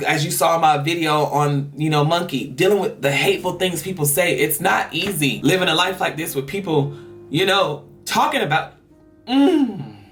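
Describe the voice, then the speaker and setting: A male vlogger gives an earnest, rambling personal monologue, sighing between thoughts. His voice is on the high side and a bit bright. The mic sounds somewhat distant, with faint music behind him.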